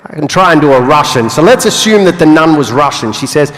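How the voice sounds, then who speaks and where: A young man giving a motivational talk on stage, telling his life story with long pauses and playful asides. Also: a little high, animated, fairly bright tone. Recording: live hall with long reverb.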